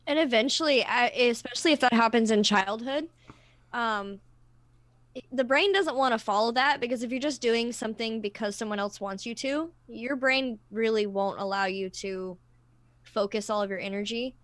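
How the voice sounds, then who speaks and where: A woman co-hosting a casual discussion livestream panel speaks in a slightly high, fairly bright voice at a normal speed, on a dry recording. She explains ideas thoughtfully, drawing on personal examples and often restarting her sentences.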